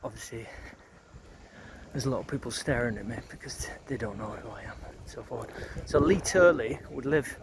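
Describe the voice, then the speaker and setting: A man's voice: medium pitch, normal speed, noisy background. A middle-aged man walks around an outdoor neighbourhood. He reminisces in a loose, rambling way, full of filler words and casual swearing. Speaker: vlogger.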